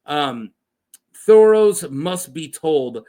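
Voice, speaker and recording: A man voicing a gruff, boisterous outlaw sellsword, reading his lines slowly and deliberately. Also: on the high side, lively intonation, mellow. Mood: grave.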